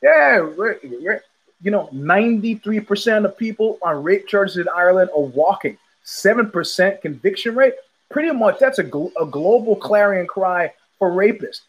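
A man's voice: sits high, lively intonation, normal speed, a bit bright, husky, rough recording. A man hosting a podcast, telling a casual rambling story with many restarts and repetitions. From United States. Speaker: podcast host.

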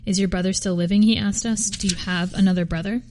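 A woman reading scripture aloud for a podcast, steady with occasional slips and restarts. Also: medium pitch, fast talker, a little hiss or hum. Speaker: podcast reader.

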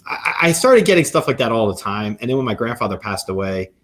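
A man, guest on a podcast, talking as a psychic medium and lawyer, telling stories in an animated, lively way. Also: medium pitch. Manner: animated, quick storyteller. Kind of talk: storytelling in a podcast interview.

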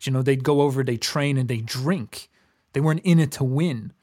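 A man's voice: medium pitch, moderate pace, a little mellow. A young man from Ireland with an Irish accent, talking casually and earnestly in a reflective, philosophical way, often restarting his sentences.

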